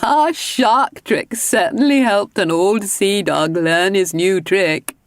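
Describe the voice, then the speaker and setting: A woman's voice: medium pitch, takes it slowly, no echo, clean studio sound, voice pushed up, close to an everyday voice. A woman voicing a cheerful, mischievous young helper with a chirpy, teasing manner.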